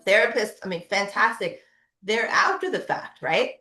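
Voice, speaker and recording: Middle-aged woman therapist, talky presenter with a medium-pitched voice, recorded in an echoey room. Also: expressive, moderate pace, sharp tone. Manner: conversational, frequent tag questions. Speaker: pediatric physical therapist. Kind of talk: webinar presentation.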